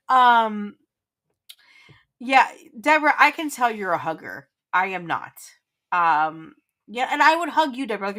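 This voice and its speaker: A woman hosts a casual livestream in a slightly high voice. She rambles through her points with restarts and teases her viewers in a playful way. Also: pushed and bright. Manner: playful, teasing, laughs often. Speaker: livestream host.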